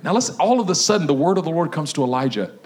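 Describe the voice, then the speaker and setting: A man pastor preaching a humorous sermon, laughing often and telling the story with lively acted-out voices. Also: on the high side, very fast.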